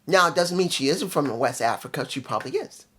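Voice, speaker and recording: A man's voice: fairly high pitch, lively intonation, brisk, a bit bright, a little hiss or hum. A man hosting his own channel, giving a casual spoken review in a blunt, emphatic way with dry sarcasm, often repeating his points. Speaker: show reviewer, channel host.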